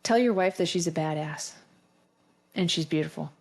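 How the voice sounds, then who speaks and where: A woman hosting a podcast in casual chat, telling a candid, animated story with quoted dialogue and casual swearing. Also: sits low, moderate pace. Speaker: podcast host.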